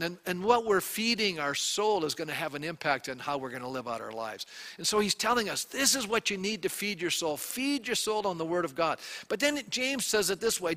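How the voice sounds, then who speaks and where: Bright-voiced male pastor preaching. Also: high-pitched, big-room sound. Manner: conversational preaching with rhetorical questions to the congregation. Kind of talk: sermon.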